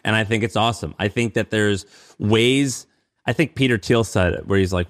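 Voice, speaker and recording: A man co-hosting a casual podcast chat, giving measured, thoughtful opinions. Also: lowish voice, fairly even intonation. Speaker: podcast co-host.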